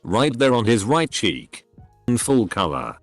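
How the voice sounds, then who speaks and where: A man narrating read-out stories in an even, matter-of-fact way. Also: fairly low pitch, a little slow, no echo, faint music behind. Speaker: narrator reading online posts. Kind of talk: scripted narration.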